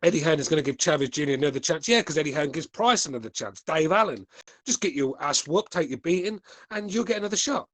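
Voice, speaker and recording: A man's voice: fairly high pitch, animated, quick pace, a bit bright, dry recording. A man hosting a podcast, reading live chat with laid-back, crude, mocking banter. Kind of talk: casual live-stream chat.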